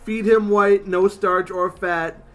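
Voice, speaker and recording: A man's voice: high-pitched, steady tone, slow, soft background music. A man reading as a prim devoted robot. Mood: earnest. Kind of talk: comic-book read-aloud on a podcast.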